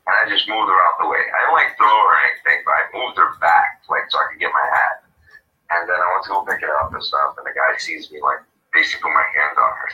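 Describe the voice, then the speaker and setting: A very deep-voiced man tells a story on a call-in radio show, rambling and animated, with lots of "you know" and "like". His voice has a hard, forceful edge. It comes through an echoey phone line, far from the mic. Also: fast talker. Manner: rambling, animated retelling with many fillers. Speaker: guest.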